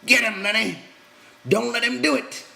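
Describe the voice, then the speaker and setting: A man voicing an anxious, protective ranch hand who yells urgent commands. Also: very high-pitched, moderate pace, vocal fry, reverberant, voice pushed up, exaggerated voice. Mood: urgent yelling.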